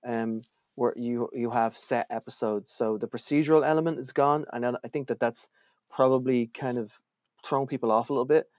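A man's voice: fairly even intonation, moderate pace, darkish tone, dry recording, lo-fi sound. Wry man, casual podcast chat. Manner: wry, profane, jumps in pitch when joking. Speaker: podcast co-host.

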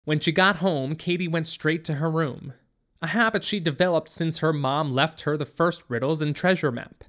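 A narrator reading a story in a steady, plain storytelling manner. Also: mid-range voice, moderate pace. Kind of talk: audiobook narration.

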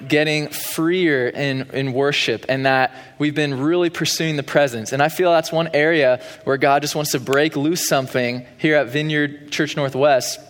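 A young man giving a sermon as pastor in a church, preaching in a conversational way with frequent fillers. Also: fairly high pitch. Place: church sanctuary. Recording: long hall reverb.

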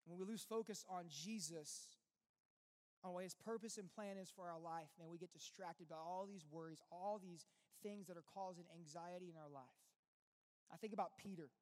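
High-voiced man preaching in a hall. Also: normal speed, darkish tone. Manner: earnest, conversational preaching with rhetorical questions. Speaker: pastor. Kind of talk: sermon. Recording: long reverb with faint music behind.

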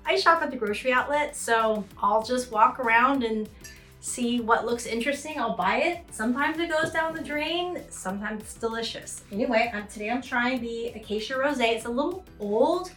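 Bright chatty woman host, echoey room. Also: on the high side, normal speed. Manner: chatty, laughs easily, animated. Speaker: author and show host. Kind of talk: casual commentary chat. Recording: echoey room with faint music.

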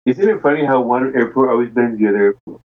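A man's voice: medium pitch, quick pace. Joking man on a dull lo-fi line. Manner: joking interjections. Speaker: listener in the conversation. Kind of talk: casual chat.

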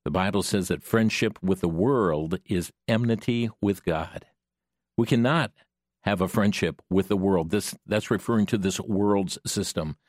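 A man hosts a radio program and moves into preaching-style commentary. His voice sits fairly low and sounds close and dry. He talks earnestly, with many hesitations and fillers. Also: measured pace, darkish tone, dry recording. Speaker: radio host.

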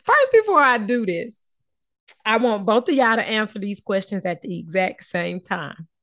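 A woman hosts a casual podcast chat, playful and quick to laugh as she questions her guests. Her voice sits at an ordinary middle pitch. The recording is close and dry, with no room sound. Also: sing-song, a bit bright, no room sound. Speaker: podcast host.

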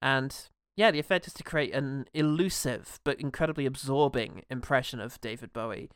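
A man's voice: medium pitch, moderate pace, fairly bright tone, clean tone, dry recording, studio quality. A man co-hosting a podcast, chatting casually and enthusiastically about a favourite film and swearing freely. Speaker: podcast co-host. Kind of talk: casual film review chat.

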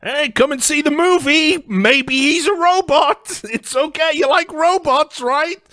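A man voicing a cheesy, sneering movie marketer in a high mocking falsetto. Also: a little slow, bright, forceful tone, no echo, clean studio sound, full character voice. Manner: sneering, sing-song.

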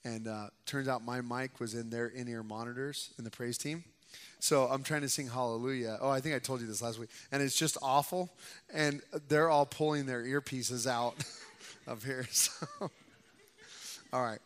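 A young adult male pastor giving a conversational sermon in a church sanctuary, who grows louder and more emphatic when he reads scripture aloud. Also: medium pitch, steady tone, moderate pace. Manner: conversational preaching, rising loud for scripture reading. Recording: long hall reverb.

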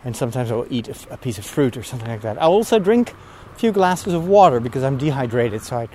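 A priest podcaster recording a casual vlog outdoors while walking, a bit out of breath, talking in a rambling, easily distracted way. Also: male voice, mid-range voice, big pitch swings, fast talker, darkish tone, a little hiss or hum. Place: outdoors on a walk at sunset.

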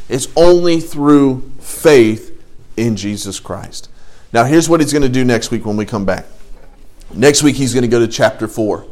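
A man teaching an adult Bible study, lively and animated, often acting out quoted voices. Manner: animated, acts out quoted voices with rising pitch.

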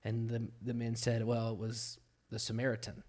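A man's voice: mid-range voice, monotone, moderate pace, a little mellow. A man who is a pastor, talking casually on a podcast and sometimes joking around in silly accents. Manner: playful, slips into goofy put-on accents.

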